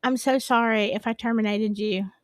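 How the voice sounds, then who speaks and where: Woman, live stream host, flustered and rambling, fairly high voice, dry sound. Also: steady tone, normal speed, no room sound. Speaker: livestream host. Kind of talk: casual live chat.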